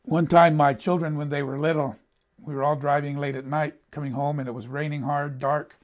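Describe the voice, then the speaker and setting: Speaking a little fast with a level tone and a slightly high voice, an older man from the United States preaches a sermon. He shares personal stories conversationally, often repeating words as he restarts sentences.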